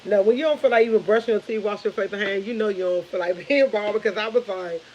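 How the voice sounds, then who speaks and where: A woman's voice: mid-range voice, fast talker, a little mellow, highs cut off, slight background noise. A woman, in her thirties, chatting casually and rambling to viewers of her morning live stream, laughing often.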